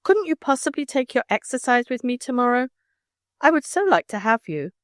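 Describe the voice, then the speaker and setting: A woman reading aloud as a kind, earnest schoolgirl who speaks softly and pleadingly. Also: high-pitched, big pitch swings, brisk, no echo, studio quality, voice pushed up. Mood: coaxing. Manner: soft and pleading. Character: kind, earnest teenage schoolgirl, gentle and tearful.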